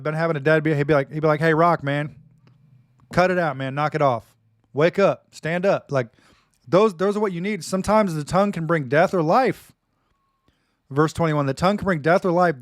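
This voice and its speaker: Brief: folksy man, Bible teacher on a live stream, slightly high voice, dry close sound. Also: dry recording. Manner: folksy and plain-spoken, says man and dude often.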